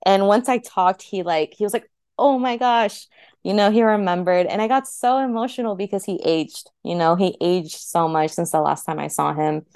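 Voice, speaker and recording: A woman's voice: fairly low pitch, normal speed, few pauses, a little mellow, smooth, no echo, studio quality. A young woman guest, chatty and heartfelt, telling her story and saying "like" often. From United States. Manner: chatty, heavy use of "like", heartfelt. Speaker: interview guest. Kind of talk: casual personal storytelling.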